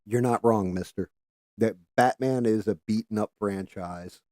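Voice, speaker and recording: Low mellow-voiced man chatting on a stream. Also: a little slow, dry recording. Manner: rambling, casual, swears freely; talks while doing careful handwork, trails off at times. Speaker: livestream host. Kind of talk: casual livestream chat while painting.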